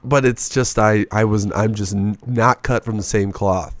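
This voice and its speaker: A man's voice: fairly low pitch, moderate pace, no echo. Profane young man telling stories in a dry room. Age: early 20s. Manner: profane, animated storyteller who acts out what others said. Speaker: stand-up comedian guest. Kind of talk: casual podcast chat.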